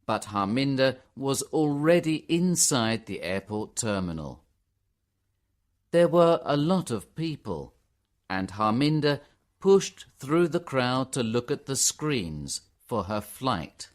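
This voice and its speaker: Guy reading a learner story, slow, clear, lots of pitch movement. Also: big pitch swings. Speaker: narrator. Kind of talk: scripted narration for learners.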